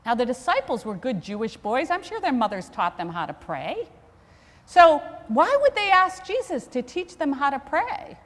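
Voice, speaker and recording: A woman's voice: sits high, big pitch swings, normal speed. A woman priest preaching a sermon, conversational and self-deprecating as she tells a story. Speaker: Episcopal priest. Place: church. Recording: long church reverb.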